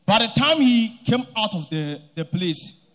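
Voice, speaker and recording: A man presenting a congregant's testimony to a church leader, slow and emphatic, building to loud declarations. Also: high-pitched, sing-song. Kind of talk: public church testimony narration.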